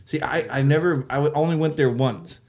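A man's voice: a little high, fairly quick, darkish tone. A man co-hosting a casual chat show, telling rambling stories full of "uh" and "like". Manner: rambling storyteller, many "uh" and "like" fillers. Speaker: co-host.

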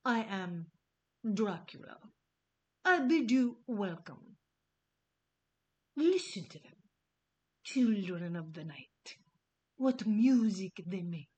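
Slow creepy vampire count a woman doing the voice, thick put-on accent, drawn out pauses. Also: medium pitch, lively intonation, warm tone, highs cut off. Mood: menacing. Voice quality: slow, heavy mock Eastern European accent. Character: menacing aristocratic male vampire count.

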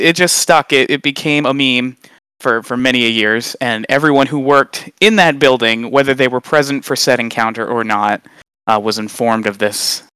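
Animated young man telling stories. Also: smooth, dry recording. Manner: animated storyteller, acts out quotes in high voices. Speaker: guest. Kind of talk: casual storytelling chat. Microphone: long-distance remote recording.

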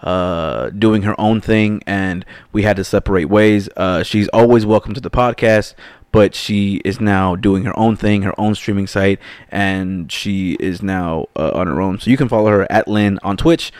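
A man co-hosting a casual gaming podcast, excitable, with quick restarts and big jumps in pitch. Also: smooth, no echo. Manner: excitable, animated swings in pitch, stumbling restarts. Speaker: podcast co-host.

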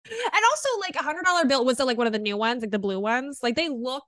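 A young woman co-hosting a podcast, chatting casually with quick, bubbly reactions. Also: high-pitched, expressive, fairly bright tone, no room sound, clean studio sound. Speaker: podcast co-host. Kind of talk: casual chat.

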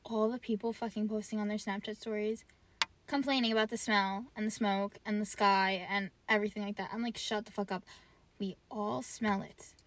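A woman's voice: mid-range voice, a little hiss or hum. A young woman hosting her own podcast, chatting casually and ranting, cursing freely and saying "like" in nearly every phrase. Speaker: podcast host. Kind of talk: casual solo podcast rant.

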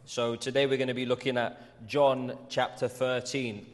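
A man's voice: medium pitch, little pitch movement, normal speed. A man leading a church service as pastor, introducing a reading in a friendly, informal way. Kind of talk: sermon. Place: church hall. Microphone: clip-on mic. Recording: echoey church hall.

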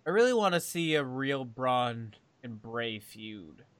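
A man's voice: mid-range voice, sing-song, slow pace, fairly bright tone, smooth, dry recording. A man co-hosting a casual chat, rambling and hesitant with many ums. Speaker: podcast co-host.

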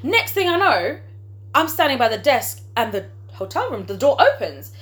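Woman, casual storytelling, animated, high-pitched. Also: moderate pace. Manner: animated, acts out voices in her story.

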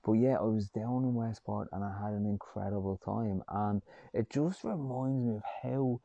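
Irish male podcast host, gravelly and dark-toned, upbeat rambling delivery, a bit dull and lo-fi. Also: lowish voice, moderate pace, dry recording. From Ireland. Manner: rambling, upbeat, joking, swears casually. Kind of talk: casual solo podcast chat.

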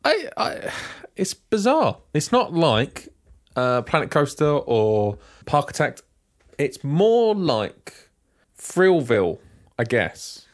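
A man's voice: fairly high pitch, huge pitch swings, takes it slowly. A man co-hosting a podcast in casual chat, chatty and teasing. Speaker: podcast co-host.

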